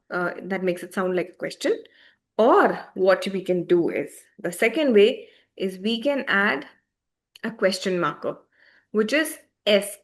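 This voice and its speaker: A woman teaching a beginner French class online over a video call, patiently checking that her students follow. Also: a little high. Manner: patient, checks often for understanding.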